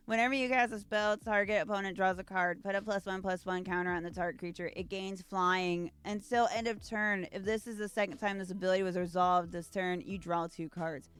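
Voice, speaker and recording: At home, a young YouTuber opens trading card packs, gushing over the artwork and reading card text aloud in casual unboxing commentary. Her medium-pitched voice is clean and a bit bright.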